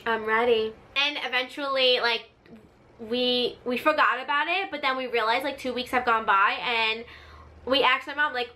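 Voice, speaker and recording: A woman hosting her own storytime vlog, chatty and animated, full of filler words. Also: fairly high pitch, moderate pace. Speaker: vlogger, channel host. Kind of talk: casual storytime monologue.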